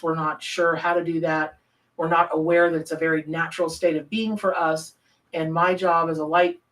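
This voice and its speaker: A woman's voice: lowish voice, a bit bright. Woman, Southern accent, tarot reader, live-stream chat, chatty, reacts to comments, a bit distant from the mic. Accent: Southern American. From American South.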